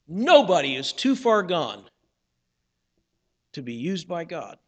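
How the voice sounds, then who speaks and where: A man's voice: on the high side, big pitch swings, takes it slowly, muffled recording. A male pastor preaching a sermon in an earnest, conversational storytelling manner, acting out the people he quotes. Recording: reverberant church sanctuary.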